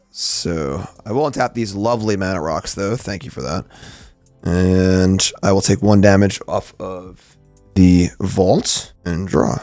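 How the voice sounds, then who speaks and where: A man's voice: low voice, a little mellow, no echo. A man chatting and joking while playing a tabletop card game, talking through his moves. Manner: joking, chatty, describes plays aloud. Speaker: guest player. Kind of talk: casual tabletop game chat.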